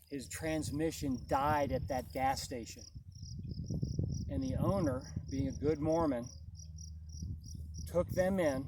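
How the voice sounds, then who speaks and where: A man telling a personal story in a casual, animated way, often checking in with "right?". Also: fairly high pitch, noisy background. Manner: animated, tags lines with "right?". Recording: distant mic, loud crickets outside.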